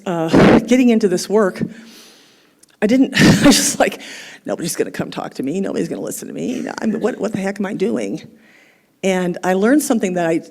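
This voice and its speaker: A middle-aged woman preaching a conversational sermon at a spiritual center, animated and laughing at herself. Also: lowish voice. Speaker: guest speaker at a spiritual center.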